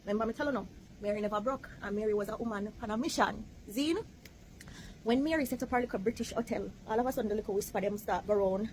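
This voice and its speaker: A woman from Jamaica with a Jamaican accent, telling a history story in chatty patois with lively asides. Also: medium pitch, fast talker, a little hiss or hum, rough recording. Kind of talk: casual storytelling to camera.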